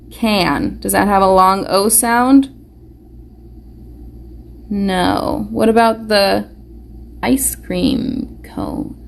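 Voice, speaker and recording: A woman teaching a live online phonics lesson to young children, slowly sounding out words and praising them warmly. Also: mid-range voice, creaky. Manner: slow, encouraging, sounds words out carefully. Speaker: preschool teacher. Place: school or home classroom, live stream.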